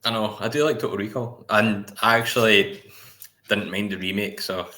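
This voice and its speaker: A man co-hosting a podcast, chatting in a relaxed and joking way. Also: on the low side, normal speed. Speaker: podcast co-host. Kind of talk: casual chat.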